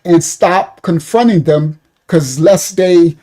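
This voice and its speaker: A man's voice: a little high, slow, dark tone. A man giving loose, repetitive livestream commentary, talking to his chat viewers by name. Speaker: online commentator.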